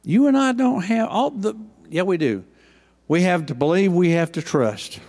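Older pastor, fiery sermon, moves from loud to hushed, slightly high voice. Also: male voice, lively intonation, moderate pace. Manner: impassioned preaching, swings from loud to hushed.

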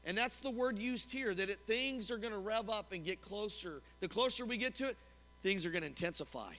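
A man preaching a sermon as pastor to his congregation, animated and often asking them questions. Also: high-pitched, a little fast. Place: church sanctuary. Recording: long hall reverb.

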